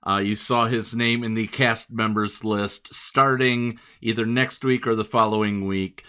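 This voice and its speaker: A man's voice: fairly low pitch, steady tone, a little slow, pushed and bright, clean tone. An American man with a northern accent hosting a podcast in easygoing casual chat. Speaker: podcast host.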